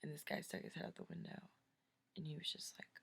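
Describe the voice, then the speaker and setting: Brief: young woman, raspy fry, breathy near-whisper, lively pitch, loose rambling storyteller. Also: quick pace. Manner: rambling, filler-heavy, self-correcting. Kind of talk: casual personal storytelling.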